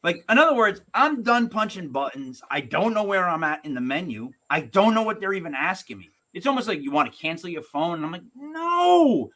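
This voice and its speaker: Animated ranting male podcast host. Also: high-pitched, a little fast, hardly any pauses. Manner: animated, ranting, acts out quotes in shifting voices. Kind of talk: casual podcast rant.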